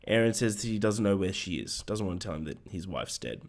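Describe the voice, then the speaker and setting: A man co-hosting a film podcast, recapping the plot in casual chat with lots of ums and swearing asides, his voice hoarse. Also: deep voice, sing-song, fast talker. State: hoarse, voice going.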